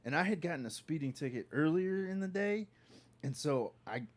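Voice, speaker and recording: A man tells a story in an easygoing, rambling way, often backing up and starting his sentences over. His voice sits a little above average pitch for a man. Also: lively intonation, normal speed. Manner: laid-back, rambling with restarts and laughs. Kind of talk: casual storytelling chat.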